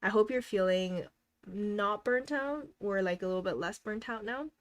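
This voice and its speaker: Her medium-pitched voice moves at a normal speed as this young woman runs a laid-back live stream. Giggles pop up often between remarks while she reads out viewers' goals and encourages them cheerfully.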